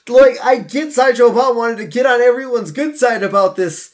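A man's voice: very high-pitched, normal speed. A man co-hosting a podcast, chatting casually and animatedly as he recaps a cartoon episode, slipping into quoted lines. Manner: animated, quotes lines in a put-on voice, trails off into fillers. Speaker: podcast co-host.

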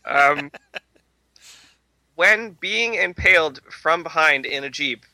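A young man with a very bright, ringing voice, joking through a movie discussion on a podcast. He riffs with crude humor and breaks into laughter often. The sound is close and dry. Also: fairly high pitch, animated, takes it slowly, long pauses, no echo. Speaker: podcast co-host. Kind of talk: casual movie commentary podcast.

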